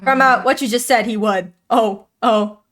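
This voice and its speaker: A woman voicing a shy, anxious teenage reindeer girl while reading game dialogue aloud, in a soft, hesitant manner. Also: fairly high pitch, moderate pace, natural voice. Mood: uneasy.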